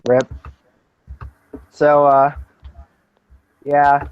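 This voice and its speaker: A man's voice: a little high, monotone, extremely slow, clear, resonant tone, muffled recording. A young man hosting a casual group chat over a voice call, joking and sarcastic, rambling on. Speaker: podcast host.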